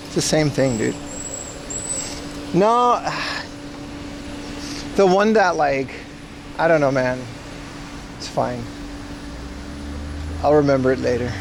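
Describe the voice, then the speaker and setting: An IRL livestreamer chats casually with viewers outdoors while browsing plants, rambling and joking playfully. His voice is fairly high with vocal fry, slow and full of pauses, and background noise can be heard.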